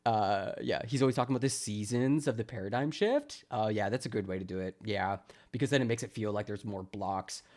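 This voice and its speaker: Livestreaming from Wisconsin, this man keeps things jokey and sarcastic, laughing often as he talks with his viewers. His voice is fairly low and a little mellow, and he speaks a little fast.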